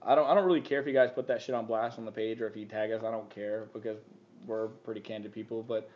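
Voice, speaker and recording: A man's voice: lowish voice, fairly even intonation, fast talker. A man hosting a podcast, talking casually and swearing a lot as he rambles. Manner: rambling, swearing, laughing often. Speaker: podcast host. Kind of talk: casual crude podcast banter. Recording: muffled lo-fi with faint hiss.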